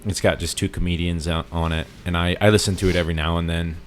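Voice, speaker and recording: A man's voice: low voice, flat delivery, fast, a little hiss or hum. A man co-hosting a podcast, retelling a story in a casual, rambling way with lots of fillers and restarts. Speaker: podcast co-host.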